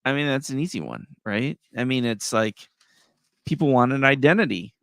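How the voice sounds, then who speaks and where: A man co-hosting a casual political chat over a call, agreeable and quick to laugh. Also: medium pitch, animated, gravelly, dry recording, studio quality. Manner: agreeable, laughs often, chimes in.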